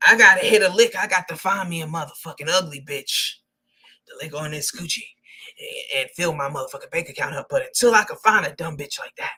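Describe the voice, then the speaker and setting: Crude scheming hustler woman, muttered and conniving, bright edge, put on by a woman. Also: low voice, fairly quick, husky, heavily acted, poor audio.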